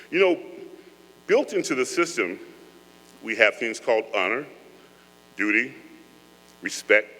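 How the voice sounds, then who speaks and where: A man's voice: mid-range voice, bright, forceful tone. A man giving a joking, earnest speech to cadets, talking to them in a conversational way. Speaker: guest speaker. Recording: echoey hall with mains hum.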